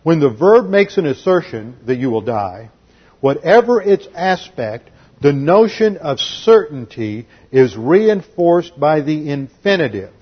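A man with a fairly high, husky voice teaching from the Bible like a pastor at the pulpit. He is emphatic and didactic and drives his points home. The recording sounds dull and lo-fi. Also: sing-song, measured pace.

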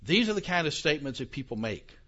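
A man's voice: fairly high pitch, sing-song, fast, bright, forceful tone. An older man giving a theology lecture to a live audience, conversational, with questions to the room and self-deprecating asides. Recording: dull lo-fi recording.

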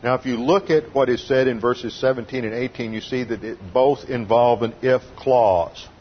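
A male pastor delivers a methodical, didactic sermon, carefully walking through grammar and doctrine. His voice sits at a middle pitch. The recording is dull and lo-fi, with a faint hiss underneath. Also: normal speed. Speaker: pastor teaching a Bible study. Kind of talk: expository sermon.

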